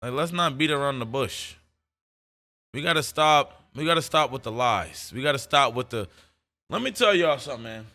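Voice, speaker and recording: A man's voice: mid-range voice, expressive, normal speed, bright, forceful tone. A man streaming live and reacting to clips, making emphatic points full of profanity and repeating them again and again.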